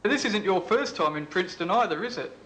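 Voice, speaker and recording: Australian man, host asking questions, slightly high voice, faint hiss. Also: lively intonation, brisk, a bit bright, low-quality recording. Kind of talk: interviewing a guest.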